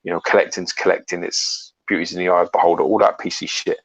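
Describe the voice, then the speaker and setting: A man's voice: low-pitched, level tone, quick pace, poor audio. A man co-hosting a casual livestream chat, giving frank, opinionated views and swearing freely. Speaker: co-host.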